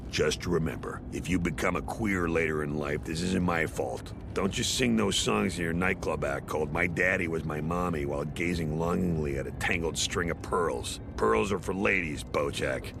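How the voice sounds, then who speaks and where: A man's voice: extremely low pitch, gravelly, background noise, voice pushed down. A man in a cartoon voicing a pompous, bitter horse father who lectures his son with condescension and self-pity. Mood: scornful lecture.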